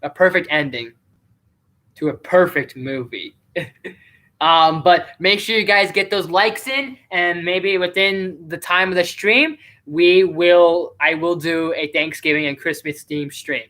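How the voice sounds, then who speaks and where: A man hosts a loose live stream, chatting to viewers while he reviews a movie. His voice is bright and clear. He rambles and fills his talk with "like" and "um". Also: sits high, measured pace. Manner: rambling and chatty, with many fillers. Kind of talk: casual live-stream commentary.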